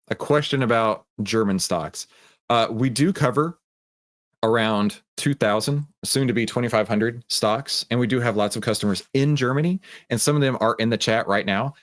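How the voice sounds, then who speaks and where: A Texan man talks through a live stock-trading stream in a loose, conversational way. He greets viewers by name and drifts through plenty of fillers at an ordinary middle pitch. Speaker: livestream host of a trading room. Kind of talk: casual live-stream talk.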